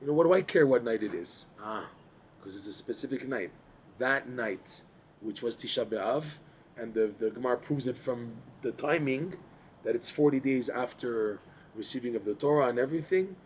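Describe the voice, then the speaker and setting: Animated man teaching a Torah class. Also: mid-range voice, normal speed, slight background noise. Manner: animated, repeats words, asks listeners to follow. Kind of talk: Torah class explaining texts.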